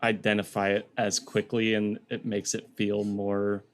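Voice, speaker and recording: A man's voice: on the low side, monotone, measured pace. A man co-hosting a podcast in casual chat, rambling with many fillers and slipping into goofy voices when he quotes people. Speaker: podcast co-host.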